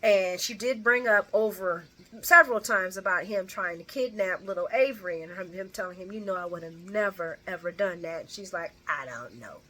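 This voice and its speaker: Brief: woman host, bright chatty delivery, rambling casual recap with restarts. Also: mid-range voice, moderate pace, few pauses. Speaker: soap opera recap host.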